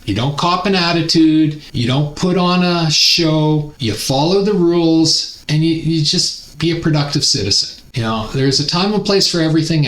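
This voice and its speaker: A Canadian man hosting his channel, telling a personal story in a chatty, animated way with exasperated asides. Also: on the high side, roomy sound, low-quality recording. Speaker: host. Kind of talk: casual storytelling commentary.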